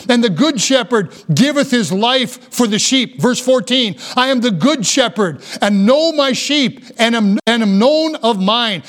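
A man preaching a sermon as pastor, reading scripture slowly and then building to fervent appeals. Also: very high voice, a bit bright.

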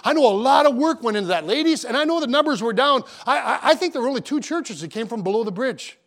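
A middle-aged man preaching a sermon as pastor, fervent and full of repeated words and restarts, slowing to a measured cadence when he reads scripture. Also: very high voice, lively intonation, a bit bright.

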